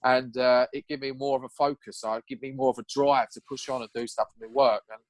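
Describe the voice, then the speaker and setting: A young man telling his story in a casual podcast chat, animated and swearing now and then, acting out what he said back then. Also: medium pitch, quick pace, dry recording. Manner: animated, acts out his own past lines in a raised voice. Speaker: podcast guest.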